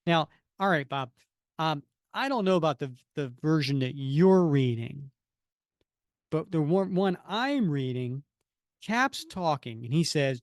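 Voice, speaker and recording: A man co-hosting a podcast, giving a rambling, animated recap of a comic with lots of fillers. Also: on the high side, unhurried, no room sound, studio quality. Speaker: podcast co-host. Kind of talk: casual comic-book chat.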